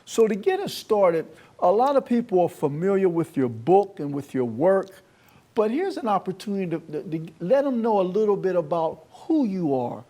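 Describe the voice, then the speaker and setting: A man's voice: high-pitched, big pitch swings, moderate pace, dark tone. A man hosting a talk show interview, friendly and encouraging toward his guest.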